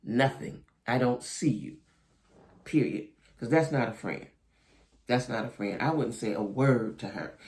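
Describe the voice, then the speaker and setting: This commentator's mid-range, darkish voice runs a little slow. He chats opinionatedly about a reality show, addressing "y'all" directly and repeatedly asking "right?" and "you know what I'm saying?"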